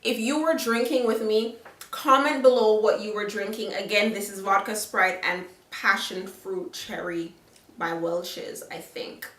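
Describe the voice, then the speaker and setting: A woman's voice: medium pitch, a little slow, a bit bright. A young woman with a Jamaican accent gives frank, chatty advice to camera in a casual vlog, often checking in with "okay?". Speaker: vlogger. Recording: roomy echo, a little far from the mic.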